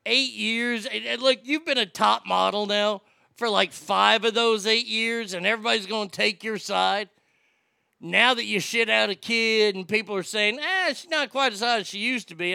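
Brash and ranting, a man pushes his point through an opinionated talk segment, stammering over restarts. His high, gravelly voice has a sharp, bright edge, and the recording is dry and close with no room sound.

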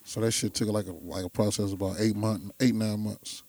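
A man's voice: on the low side, fairly quick, no room sound. A man telling stories in a casual chat, acting out the people in them. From Chicago. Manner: animated storyteller, acts out voices.

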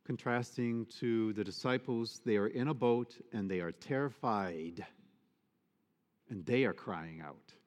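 A male priest giving a sermon, expressive and emphatic, often asking the congregation rhetorical questions. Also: fairly low pitch, measured pace. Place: church. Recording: long church reverb.

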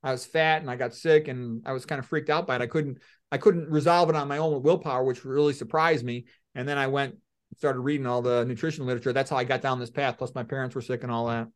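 A middle-aged man, a doctor, giving blunt, animated opinions in an interview and acting out little scenes. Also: mid-range voice, quick pace. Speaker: medical doctor guest.

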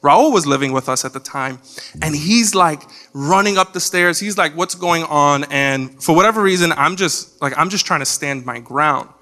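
A young man preaches in church, telling a comic family story with lots of energy. His voice is bright and forceful and sits a little high for a man. He jumps into loud, high shouts when he quotes people. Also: animated, moderate pace. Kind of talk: sermon storytelling.

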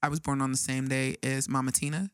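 A woman hosting a casual podcast chat, talking in an animated, storytelling way with a low voice. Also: fast, dry recording, studio quality. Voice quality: low gravelly voice. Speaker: podcast host.

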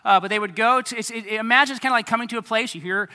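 A man preaching a sermon to a young congregation, animated and speaking straight to them. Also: sits high, rapid-fire, long reverb tail. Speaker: pastor.

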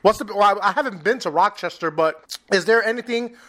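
A man from New York hosting a podcast, chatty and quick to laugh, often apologetic. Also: high voice, sharp tone. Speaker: podcast host. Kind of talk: casual interview chat.

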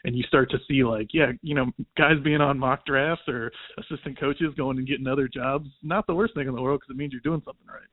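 A man's voice: medium pitch, steady tone, brisk, hardly any pauses, dry recording. A man, a guest on a podcast, giving easygoing, conversational sports analysis. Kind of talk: casual sports chat. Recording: tinny phone line, dry.

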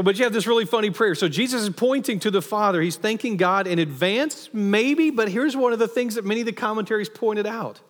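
A male pastor with a fairly high voice gives a conversational, animated sermon. His words ring out with the long reverb of a church hall.

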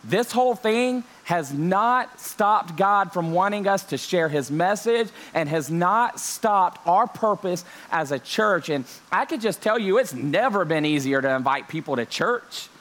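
A man's voice: high-pitched, measured pace, few pauses. A young man, a pastor, opening an online church service from home, joking with his viewers and dropping frequent amens. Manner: joking, lively preaching with many amens. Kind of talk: online church sermon intro. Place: home during lockdown.

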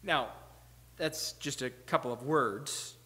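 A man preaching a sermon with earnest emphasis, asking rhetorical questions and dropping to quiet asides. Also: medium pitch, takes it slowly, big-room sound. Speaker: pastor. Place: church sanctuary.

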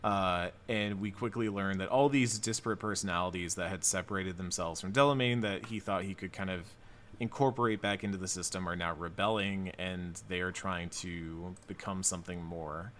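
Deep-voiced man recapping casually. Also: moderate pace, a little hiss or hum. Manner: relaxed, thinking aloud with many fillers. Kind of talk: casual podcast discussion.

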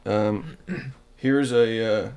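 A man's voice: fairly low pitch, extremely slow, a little mellow, clear, resonant tone. A man co-hosting a casual comedy podcast, reading news items aloud and joking about them. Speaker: podcast co-host.

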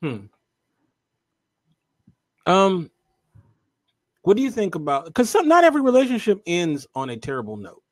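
Halting man reading viewer comments. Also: high-pitched, huge pitch swings, no room sound. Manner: halting, many fillers and restarts. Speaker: co-host.

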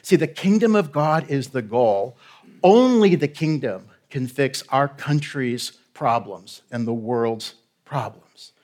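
A man's voice: mid-range voice, lively intonation, slow, a little mellow. A man preaching a sermon as a guest pastor. He is direct and conversational, often checking in with the congregation as he urges them on. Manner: emphatic, urging.

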